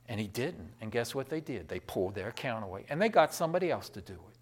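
A man preaching a sermon, swinging between loud, impassioned proclamation and quiet storytelling. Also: mid-range voice, sing-song, fast, gravelly, few pauses, husky.

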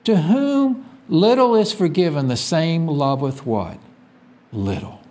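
Lively-pitched preacher man. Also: slow. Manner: call-and-response questions, reads scripture aloud; swings from loud emphatic peaks to quiet low drops. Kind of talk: sermon.

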